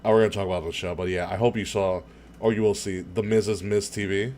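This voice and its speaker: A man with a fairly low voice co-hosts a casual podcast. He talks in excited, rambling bursts, swears freely and breaks into laughter often. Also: quick pace, a little hiss or hum. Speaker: podcast co-host. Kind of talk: casual chat.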